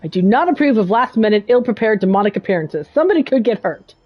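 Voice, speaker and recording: A woman voicing a gruff wrestling referee in a lowered, stern voice. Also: sing-song, quick pace, lo-fi sound. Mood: disapproving.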